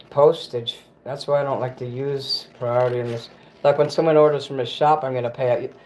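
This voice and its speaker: A man's voice: medium pitch, a little mellow, dull audio. A man on a casual livestream, ranting bitterly and cursing, often stopping to correct himself. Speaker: livestream host.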